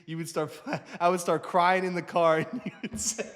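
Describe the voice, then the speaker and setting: A man in his twenties with a New Jersey accent, co-hosting a casual chat, swearing constantly and mocking himself with animated energy. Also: sits high, moderate pace, in a large hall. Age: 20s. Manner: profane, animated, self-mocking. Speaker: co-host.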